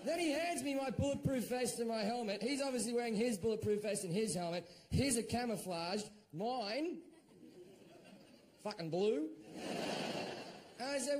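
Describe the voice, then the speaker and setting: A middle-aged Australian man doing stand-up, telling a story in a profane, animated way and shouting out his own quoted lines. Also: very high-pitched, moderate pace. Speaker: stand-up comedian.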